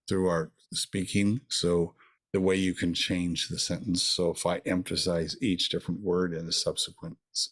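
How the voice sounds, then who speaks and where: An older man co-hosting a podcast, talking in an earnest, reflective way and repeating words for emphasis. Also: sits low. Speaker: podcast co-host. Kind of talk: casual conversation.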